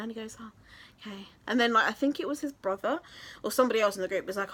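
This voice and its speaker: A woman's voice: a little high, fast, fairly bright tone. A young woman from England, telling a story in a casual vlog, chatty and gushing with many fillers. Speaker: vlogger.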